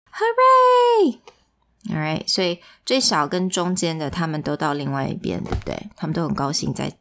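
Playful woman reading a storybook aloud. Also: mid-range voice. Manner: playful, asks questions, switches languages. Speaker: bilingual storyteller.

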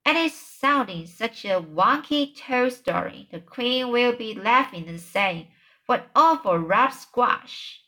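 A woman's voice: fairly high pitch, expressive, slow, sharp tone, heavily acted. A woman reading the lines of a big, kindly male giant who speaks in mangled grammar, in a children's book read aloud. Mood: plain.

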